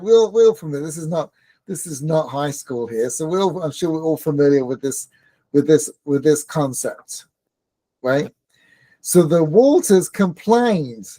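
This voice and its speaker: A man's voice: a little high, mellow, dry recording. A man teaching a Torah class in a conversational, joking way, often asking his listeners questions. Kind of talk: informal Torah lesson with banter.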